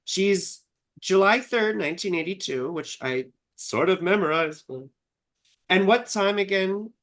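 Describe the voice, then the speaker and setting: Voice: mid-range voice, a little slow, a bit bright. An astrologer co-hosting a live stream, talking in a casual, teasing way, swearing freely and calling people sweetheart. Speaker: astrologer co-host.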